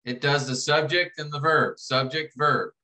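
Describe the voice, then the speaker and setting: A man lecturing to a class, walking students through an assignment step by step, restarting phrases and slowing down to read verses aloud. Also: on the high side, fairly even intonation, bright, forceful tone, poor audio. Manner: explanatory, repeats and restarts phrases, reads verses slowly. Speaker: instructor.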